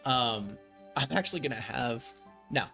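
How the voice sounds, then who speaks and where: A man narrating a tabletop role-playing game as game master, relaxed and full of ums and likes. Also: mid-range voice, moderate pace, creaky, faint music behind.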